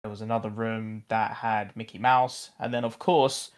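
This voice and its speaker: A man's voice: lowish voice, flat delivery, normal speed. A British man from the UK, a podcast co-host telling a travel story in casual chat and laughing often. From United Kingdom.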